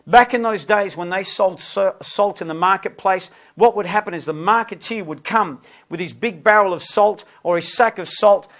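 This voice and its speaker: A man's voice: sits high, a bit bright. A man delivering a passionate, emphatic sermon-style lesson on evangelism. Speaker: preacher teaching evangelism.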